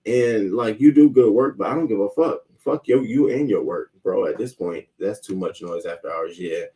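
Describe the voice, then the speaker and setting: A man rants in a heated, profane stream of talk while greeting chat viewers by name. His voice sits low and mellow. He sounds set back from the microphone. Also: normal speed, distant mic. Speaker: host. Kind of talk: casual live-stream rant.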